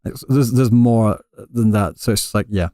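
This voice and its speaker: A man's voice: lowish voice, normal speed, warm tone, no room sound, studio quality. A male streamer living in Japan answering live chat questions in a casual, rambling way with many restarts. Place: Japan, Kansai area.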